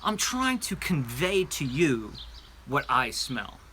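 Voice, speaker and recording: A man's voice: mid-range voice, big pitch swings, slow, bright, forceful tone, a little hiss or hum. A man hosting a live show-and-tell about candles, talking in a chatty, rambling way with many fillers, eagerly describing scents. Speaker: candle review channel host.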